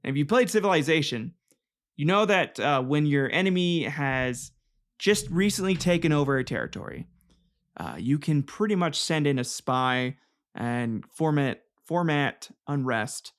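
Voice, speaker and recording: A man's voice: fairly high pitch, lively intonation, a little slow. A man hosting a casual comedic history podcast, rambling and joking, swearing and tripping over names. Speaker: podcast host.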